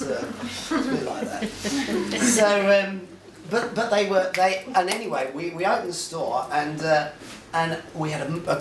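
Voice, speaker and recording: Rambling man in an echoey hall. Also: on the high side. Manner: rambling, chuckling, frequent restarts. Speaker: guest speaker, jewellery designer. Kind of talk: casual anecdotal talk to an audience. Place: lecture room. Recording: echoey room, mic at a distance.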